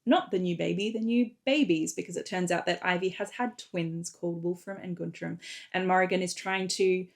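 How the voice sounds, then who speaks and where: A woman author talks through her book in a readalong recap, retelling the plot casually with an easy "um" here and there. Her voice sits fairly low and carries a gravelly, creaky texture. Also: normal speed.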